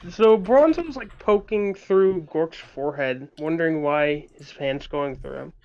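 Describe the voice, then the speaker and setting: A player in a tabletop game who chimes in with slow, hesitant comments. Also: medium pitch, a little mellow, highs cut off.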